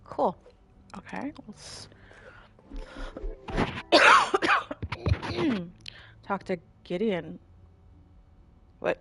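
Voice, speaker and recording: A woman's voice: medium pitch, wildly swooping pitch, drawn-out words, long pauses, bright, forceful tone. A woman streaming a mystery game, chatting casually and cooing at her big dog. She is slightly sick. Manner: chatty, easily distracted, talks fondly to her dog. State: slightly sick, throat-clearing. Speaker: gaming streamer. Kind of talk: casual gameplay commentary.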